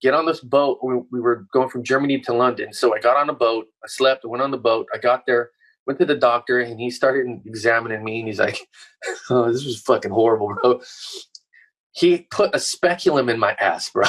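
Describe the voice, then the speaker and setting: A middle-aged man telling a story as a podcast guest, animated and full of swearing. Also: medium pitch, brisk, poor audio. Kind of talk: casual interview chat.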